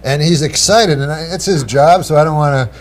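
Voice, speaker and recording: A man's voice: a little high, a little fast, soft background music. A man telling a long, rambling story as a guest on a talk show, full of asides and restarts. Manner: meandering, full of "you know" and restarts.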